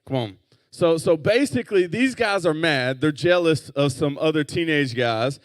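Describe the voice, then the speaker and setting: Male youth pastor, slightly high voice, dry close sound, chatty Bible lesson with call-and-response. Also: lively intonation, normal speed, dry recording. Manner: casual, leads call-and-response with the group.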